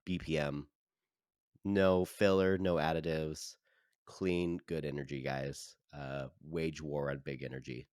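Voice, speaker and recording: A man co-hosting a casual podcast, ribbing his friends and reading a sponsor plug slowly with ums. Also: rumbling low, fairly even intonation, darkish tone, no echo, studio quality. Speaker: podcast co-host. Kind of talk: casual chat.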